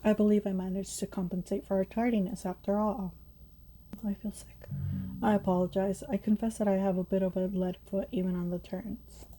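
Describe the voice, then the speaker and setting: A woman's voice: mid-range voice, flat delivery, a little fast, dark tone, soft background music, lightly acted. A woman voicing a polite, formal bus driver in a game. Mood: courteous. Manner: courteous, formal.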